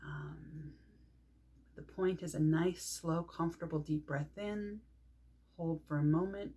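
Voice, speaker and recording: A middle-aged woman leading a guided grounding meditation, calm and unhurried, pausing often between phrases. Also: deep voice, breathy edge. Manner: calm, unhurried, speaks with pauses and soft fillers. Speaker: meditation teacher.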